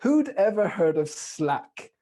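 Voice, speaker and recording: A middle-aged man with a British accent, giving a lively, playful keynote talk over a video call. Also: high voice, slow. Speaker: keynote speaker. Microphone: video call microphone.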